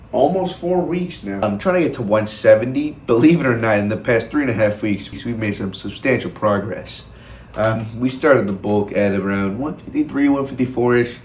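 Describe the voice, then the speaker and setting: A man's voice: mid-range voice, a little mellow, reverberant, a little hiss or hum. A young man talking casually about his gym routine in a rambling vlog, with many fillers and restarts. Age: young adult. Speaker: fitness vlogger.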